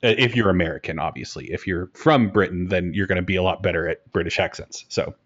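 A low, deep-voiced man speaks as a game master in an easygoing podcast chat. He is self-deprecating and candid. The recording sounds dull and a little lo-fi. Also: quick pace, a bit bright, slightly rough. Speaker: game master and host of a broadcast tabletop game show. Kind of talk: relaxed podcast conversation.

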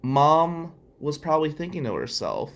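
A man's voice: a little high, wildly swooping pitch, normal speed, creaky. A man telling a personal story in a candid, emotional way, with sighs along the way. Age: adult, past law school. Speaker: storyteller recounting his past.

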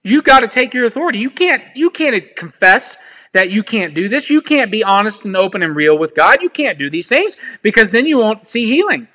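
Earnest, bright-voiced man preaching. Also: high voice, very animated, fairly quick. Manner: earnest and pleading, addresses listeners directly. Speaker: ministry speaker. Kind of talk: informal preaching with personal testimony.

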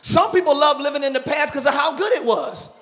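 A male pastor preaching a sermon in church, talking with the congregation and rising into loud shouting praise. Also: extremely high pitch, brisk, in a large hall. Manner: preaching with call-and-response to the congregation.

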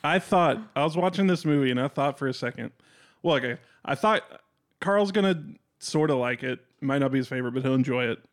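Calm man in casual podcast chat. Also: medium pitch, a little fast. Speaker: podcast co-host.

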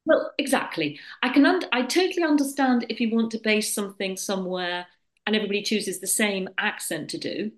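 A woman speaking as a panel guest on a casual radio chat. Her voice sits in a middle range. She talks in a playful, animated way and bosses the others about in jest. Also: medium pitch.

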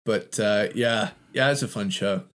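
A man's voice: fairly low pitch, a bit bright. Laid-back man co-hosting a music podcast. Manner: laughs often, halting restarts. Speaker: podcast co-host. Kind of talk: casual chat about albums.

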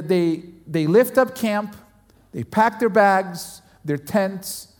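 High-pitched guy preaching a sermon, animated storyteller, lots of repeated words, big echoey hall. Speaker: pastor.

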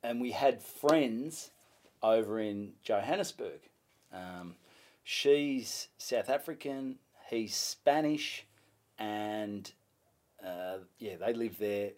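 A young Australian man, a comedian, telling a story in a casual interview. He swears freely and acts out what people said in a louder voice. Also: lowish voice. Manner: animated, swears freely, acts out his own lines in a louder voice. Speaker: comedian guest.

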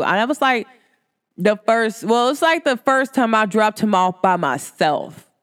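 A woman in her thirties hosts a podcast, talking casually to her listeners in a lively, animated way. She acts out quotes with big jumps in pitch. Her voice is smooth, and the sound has the feel of a big room.

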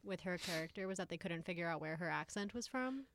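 Female co-host, casual and enthusiastic, low-pitched, trails off a lot. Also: lively intonation, quick pace, a bit bright, a little hiss or hum. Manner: enthusiastic, gushing, trailing off mid-thought. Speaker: podcast co-host. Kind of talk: casual chat.

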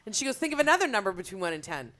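A woman's voice: mid-range voice, very animated, rapid-fire, pushed and bright. A middle-aged woman, co-hosting a casual podcast chat and telling stories with a laugh, acting out what people said. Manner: laughing storyteller, acts out quotes. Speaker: podcast co-host. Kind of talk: casual chat among friends.

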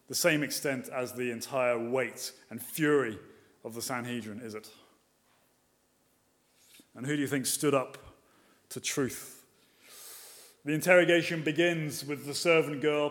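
A man preaching a sermon, moving between emphatic and quiet passages and asking rhetorical questions. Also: a little high. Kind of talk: expository sermon.

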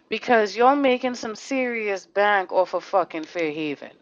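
A woman's voice: mid-range voice, expressive, normal speed, dry recording, lo-fi sound. A woman hosting a casual podcast, talking in a heated, blunt and profane way, firing off rhetorical questions. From Connecticut. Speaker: podcast host.

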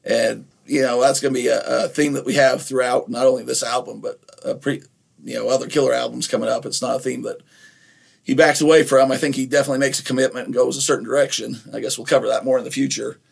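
A middle-aged man from Nephi, Utah, talks in a loose, rambling way, full of restarts and fillers. His voice has a gravelly, fried edge at a medium pitch. He co-hosts a podcast as a casual chat. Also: steady tone, fast. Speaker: podcast co-host.

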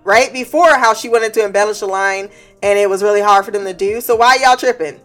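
A woman's voice: mid-range voice, brisk, fairly bright tone, soft background music. A woman hosting a show, ranting bluntly and heatedly, with lots of swearing. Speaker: host. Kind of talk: ranting commentary.

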